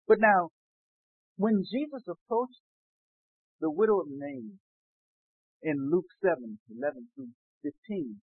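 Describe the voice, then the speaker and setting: A man preaching a sermon, moving from quiet storytelling to loud shouted calls. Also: fairly high pitch, slightly rough, no echo. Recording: dry tinny phone-like sound.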